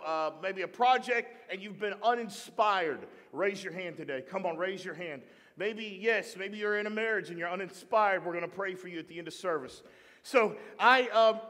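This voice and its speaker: High-voiced animated pastor preaching. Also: male voice. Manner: humorous, animated preaching with call-and-response to the congregation. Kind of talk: sermon. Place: church sanctuary. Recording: long hall reverb in church.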